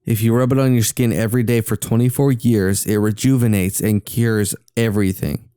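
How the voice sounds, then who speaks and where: A young man with a Southern US accent, co-hosting a casual movie watch-along podcast, quick to agree and easily excited. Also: fairly low pitch, clear, resonant tone, no echo, studio quality. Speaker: podcast co-host.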